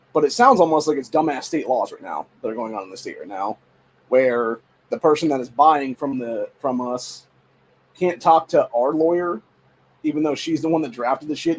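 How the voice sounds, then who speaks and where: A man's voice: mid-range voice, a little mellow, slight background noise, low-quality recording. A man in his forties from Ohio, hosting a podcast and venting in a frustrated, profanity-filled rant. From Ohio, USA. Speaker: podcast host. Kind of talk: casual venting monologue.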